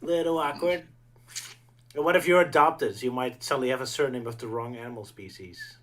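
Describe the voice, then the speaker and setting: Man, Dutch accent, podcast host, casual chat, dry humor, middle pitch. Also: brisk, a bit bright. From Netherlands.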